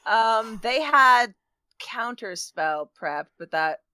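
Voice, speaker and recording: A woman player in a tabletop game, bubbly and quick to laugh. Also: a little high, expressive, sharp tone, clear, resonant tone, no echo. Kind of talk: casual tabletop play.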